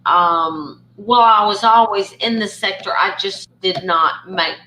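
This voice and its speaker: A woman's voice: mid-range voice, slow, pushed and bright. A woman hosting a casual call, chatty, with lots of fillers and restarts. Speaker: host. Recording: echoey room, faint ambient noise.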